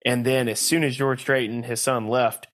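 A man's voice: mid-range voice, level tone, normal speed, a bit bright. A man co-hosting a podcast, telling rambling stories in casual chat and laughing often. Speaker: podcast co-host.

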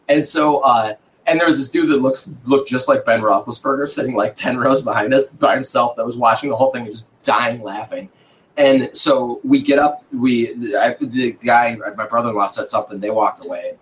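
A man's voice: mid-range voice, lively intonation, normal speed, fairly bright tone, low-quality recording. A man host telling a casual story in a podcast chat, swearing freely and breaking into laughter.

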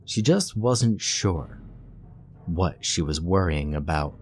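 A man reading a horror story aloud in a steady, measured narration. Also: low-pitched.

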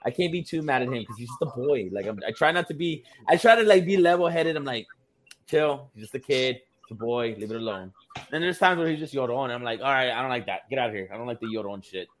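A man's voice: mid-range voice, quick pace, few pauses, slight background noise. A man on a casual podcast, joking and cursing, laughing often.

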